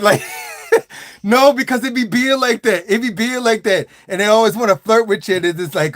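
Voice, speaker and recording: A man on a live stream, joking and ranting straight to his chat in an animated, playful way. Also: sits high, normal speed. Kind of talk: comic stream rant.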